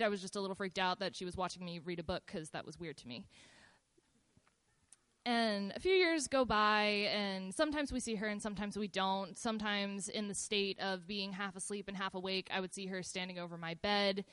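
A woman casually telling a personal story in a relaxed, meandering way, with fillers and pauses. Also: medium pitch, smooth.

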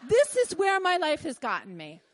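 Animated high-voiced Philly woman storyteller. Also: normal speed. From Philadelphia. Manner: animated, acts out her own and others' lines. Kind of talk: live personal storytelling.

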